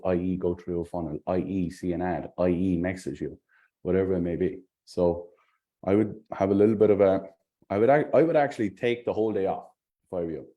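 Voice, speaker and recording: A man with a very low voice and a dark, mellow tone gives a sales trainee a blunt dressing-down. He scolds and swears freely as he coaches.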